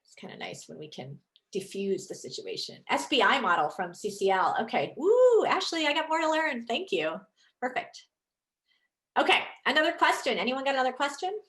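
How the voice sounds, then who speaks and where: Pitched high and moving at a moderate pace, a woman in her thirties coaches on leadership during a video-call presentation. It's an energetic, gushing, conversational delivery peppered with fillers.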